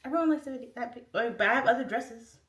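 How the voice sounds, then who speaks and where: A woman's voice: fairly high pitch, fast talker, fairly bright tone. A woman hosting a casual livestream, rambling and chatty as she reads out viewer comments. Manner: chatty and rambling, heavy use of "like". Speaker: livestream host. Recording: roomy echo, distant mic.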